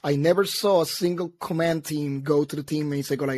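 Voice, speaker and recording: A man's voice: fairly high pitch, fairly even intonation, a little fast, a little mellow. A man hosting a casual conversation, earnest and repeating himself for emphasis.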